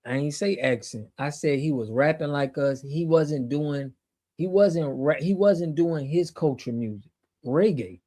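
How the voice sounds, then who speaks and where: A man's voice: fairly high pitch, a little slow, dark tone. Fired-up American man, slangy livestream host. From United States. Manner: emphatic, slangy, repeats himself when fired up. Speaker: show host. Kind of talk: casual livestream commentary answering chat.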